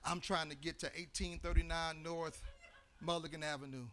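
A man from Chicago preaching a sermon as pastor. He tells a story and then builds into shouted, half-sung preaching. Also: fairly high pitch, steady tone, moderate pace, slight background noise. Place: church sanctuary.

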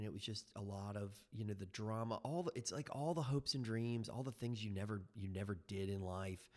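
Low-voiced man in his fifties, halting. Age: 50s. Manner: halting, reflective, many fillers and restarts. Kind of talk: personal recovery story. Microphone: headset.

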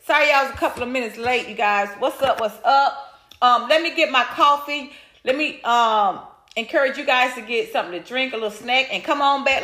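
A middle-aged woman hosts her podcast in a loose, chatty way, calling out listeners by name. Her voice sits high and bright in pitch. The room around her is echoey and roomy. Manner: chatty, greets viewers by name. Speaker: podcast host. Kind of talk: casual livestream chat.

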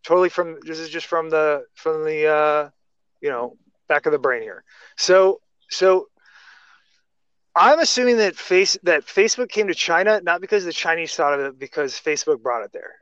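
A man's voice: fairly high pitch, lively intonation, moderate pace, fairly bright tone, clear, resonant tone, no room sound. A man talking casually in a podcast chat, rambling through restarts and tangents. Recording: dry, muffled lo-fi sound.

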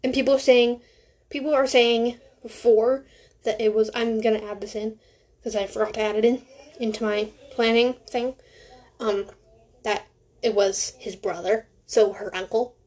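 A woman's voice: on the high side, steady tone, moderate pace, darkish tone. A teenage girl hosting a casual solo podcast from home, rambling, correcting herself and making sarcastic asides. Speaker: podcast host.

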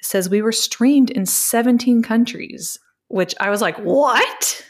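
A young woman with a slightly high voice talks a little slowly while co-hosting a podcast. She chats casually, filling her sentences with lots of "like" and "um."

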